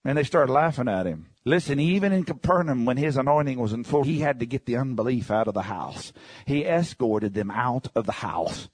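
A man preaching a sermon, reading scripture and retelling it in plain talk, dropping to low murmurs and rising to high shouts. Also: animated, a little fast, slightly rough, no echo. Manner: reads scripture aloud and paraphrases it in plain talk.

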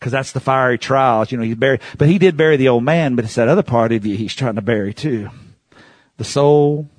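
A man preaching a sermon as pastor, swinging between hushed asides and shouts and calling on the congregation to repeat phrases. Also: mid-range voice, a little fast, no room sound.

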